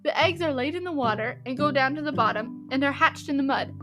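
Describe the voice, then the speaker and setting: A woman's voice: high-pitched, fairly quick, over music, natural voice. Woman reading as an earnest little boy. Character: earnest little crippled boy, eager storyteller.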